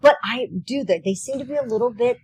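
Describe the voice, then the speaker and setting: A woman's voice: a little high, fast talker, a little mellow, breathy edge, poor audio. A woman co-hosting a live local show at an outdoor street fair, chatting casually and laughing often.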